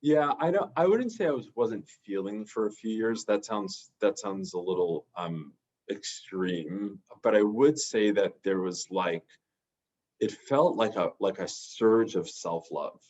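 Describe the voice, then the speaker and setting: Man, very low voice, rambling storyteller, dull lo-fi sound. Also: animated, measured pace, darkish tone. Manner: rambling, full of restarts and fillers. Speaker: podcast guest, therapist. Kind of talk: casual storytelling.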